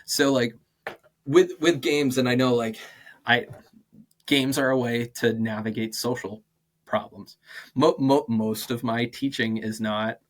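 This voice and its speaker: A man in his twenties, guesting on a podcast, tells teaching stories in a lively, animated mid-range voice. He packs in "like" fillers, laughs quickly and often, and acts out quoted voices along the way.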